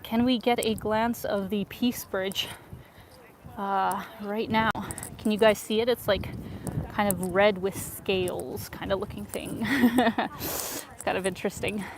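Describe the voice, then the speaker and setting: A woman's voice: mid-range voice, steady tone, unhurried. A woman from Ukraine, a travel vlogger, chatting upbeat on a walking live-stream while reading out viewer messages. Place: outdoors in a winter city, on a footbridge. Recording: outdoor phone stream with clear street noise. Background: street ambience, passers-by, accordion player.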